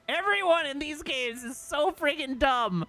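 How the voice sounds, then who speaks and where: A man's voice: extremely high pitch, pushed and bright. A man streaming a video game, playfully teasing and reading chat messages aloud in casual commentary. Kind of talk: casual let's-play commentary.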